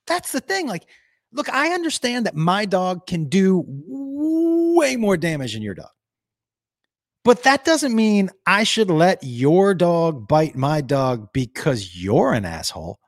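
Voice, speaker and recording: Animated, profane man ranting on a livestream. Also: high voice, unhurried, dry recording, studio quality. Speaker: live streamer reading viewer comments. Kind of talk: casual livestream chat.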